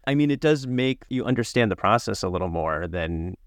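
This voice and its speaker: A man's voice: lowish voice, expressive, fairly quick, dry recording, studio quality. A man interviewing an author, asking questions in a friendly, conversational way with casual fillers. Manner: friendly, conversational, frequent fillers like "you know" and "right".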